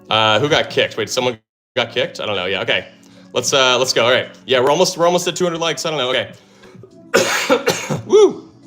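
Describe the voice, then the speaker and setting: A man's voice: mid-range voice, bright, forceful tone. A man hosting a live stream, thinking aloud as he works through puzzles and cheering when he solves them. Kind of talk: excited live stream chatter.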